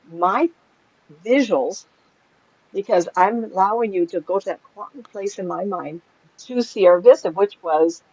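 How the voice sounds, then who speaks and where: A middle-aged woman tells stories in a relaxed, chatty way, breaking into laughter as she goes. Her voice sits at an ordinary pitch for a woman. The recording sounds a little dull and lo-fi. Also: no room sound. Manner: animated, laughs often while telling stories. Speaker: psychic medium guest. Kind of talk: casual storytelling chat.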